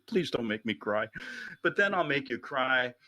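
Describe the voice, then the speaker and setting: A man's voice: medium pitch, very animated, unhurried, bright, forceful tone, no room sound. A man hosting a talk radio show, delivering a rambling, jokey comedic monologue into a studio microphone.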